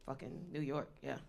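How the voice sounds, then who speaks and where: A woman's voice: extremely low pitch, gravelly, darkish tone. A woman in her thirties doing a stand-up comedy set, blunt, profane and conversational as she tells her stories. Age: 30s. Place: live stage venue.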